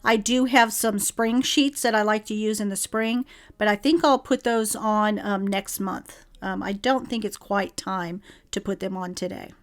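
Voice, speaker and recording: A woman's voice: medium pitch, fairly even intonation, a little slow. A middle-aged woman vlogging casually from her bedroom at home as she tidies. She thinks aloud and talks to her viewers as she weighs her choices. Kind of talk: casual vlog chat while tidying.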